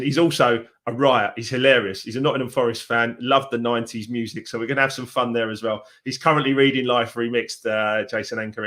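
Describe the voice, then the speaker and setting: A man in his forties hosts a live motivational stream as a success coach. He talks in a chatty, encouraging way, warm in intent and loose in delivery, with lots of fillers. His pitch sits in an ordinary middle range for a man.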